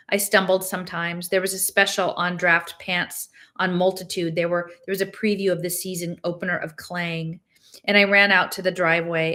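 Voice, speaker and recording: Woman with a lowish voice reading a novel aloud. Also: pushed and bright. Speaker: reader.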